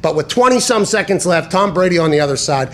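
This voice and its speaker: A man's voice: on the high side, lively intonation, fast, fairly bright tone, a little hiss or hum. A man hosting a sports talk show, talking casually in an emphatic, profane way and often correcting himself mid-sentence. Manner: tangents and self-corrections.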